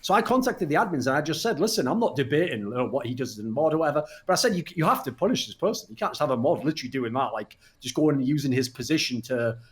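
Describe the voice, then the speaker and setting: A man speaking as a guest in a casual podcast chat, blunt and profane, telling animated stories. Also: mid-range voice, quick pace, few pauses. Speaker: podcast guest, retired pro gamer.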